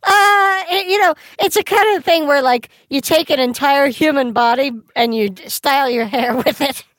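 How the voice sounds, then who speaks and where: A woman cohosting a comedy podcast, bantering in improvised bits with giggles and deadpan dark jokes. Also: high voice, moderate pace, no echo, studio quality.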